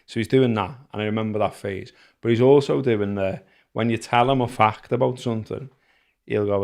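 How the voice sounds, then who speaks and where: Gravelly-voiced Liverpool man chatting. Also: on the low side, steady tone, darkish tone. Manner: rambling, halting with many fillers. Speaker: podcast co-host. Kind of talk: casual chat.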